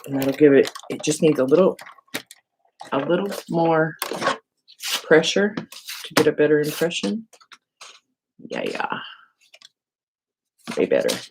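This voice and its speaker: A woman's voice: deep voice, a little slow, long pauses. A woman hosting a casual live crafting demo, chatty and self-mocking, thinking aloud while she works and talking to viewers. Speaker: crafting channel host. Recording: steady background noise with clicks.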